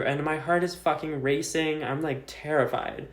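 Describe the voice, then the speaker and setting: A woman's voice: deep voice, fairly even intonation, fairly quick. Chatty young woman in a roomy echo. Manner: chatty, filler-heavy, swears freely. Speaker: vlogger. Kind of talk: casual storytime.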